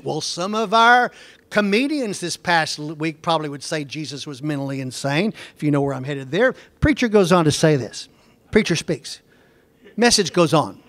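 Male Bible teacher, high voice, emphatic and repetitive, dry close sound. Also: big pitch swings, normal speed, fairly bright tone, no room sound. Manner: emphatic, repeats points, asks pointed questions. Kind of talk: classroom Bible lecture.

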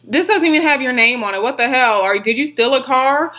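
A woman's voice: high voice, expressive, fairly quick, pushed and bright. A woman voicing a threatening male police officer in her own voice, blunt and accusing in a story.

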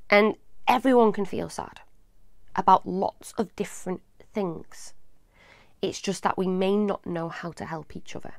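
Animated woman hosting a live advice show. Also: medium pitch, no echo, clean studio sound. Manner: animated, affectionate, addresses viewers as little loves. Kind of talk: live advice talk to children.

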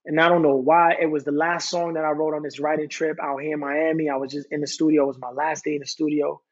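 Husky, earnest man telling his story. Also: fairly high pitch, flat delivery, quick pace, dull audio. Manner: earnest, rambling, reciting his own lyrics. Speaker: podcast guest, singer-songwriter. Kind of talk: candid personal storytelling.

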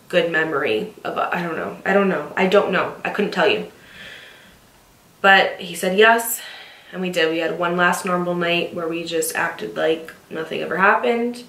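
A young woman candidly telling a story about a past relationship at home, speaking in quick bursts and then slowing down when emotional. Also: lowish voice, pushed and bright. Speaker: storytime vlogger. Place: at home, facing the living room. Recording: roomy echo, distant mic.

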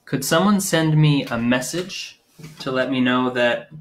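Playing his own guitar, a man performs as a children's music entertainer, leading preschoolers in a live sing-along with short spoken prompts between songs. His voice is mid-range and unhurried, with slight background noise.

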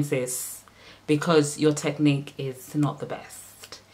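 A woman with a Caribbean accent giving hair care tips in a casual vlog, sassy and playful with shouted exclamations. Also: low-pitched.

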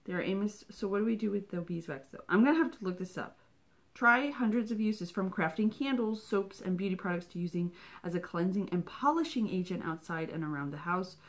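A woman reviewing a subscription box in a chatty, excitable unboxing vlog, dropping into whispers and gasps. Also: mid-range voice, fairly quick.

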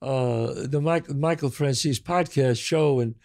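A man's voice: mid-range voice, unhurried. An older man, hosting a podcast and telling stories animatedly, acting out the people he quotes. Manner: animated storyteller, acts out quoted voices. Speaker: podcast host. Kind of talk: casual chat, storytelling.

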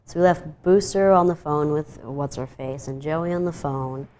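Low-voiced young woman recounting tour events. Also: moderate pace, warm tone, slight background noise. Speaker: touring band member. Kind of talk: casual interview recap.

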